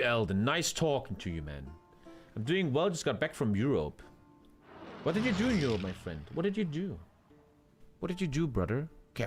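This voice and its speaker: A young man streaming a strategy game live from home, crude and hyper as he banters and swears at chat. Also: mid-range voice.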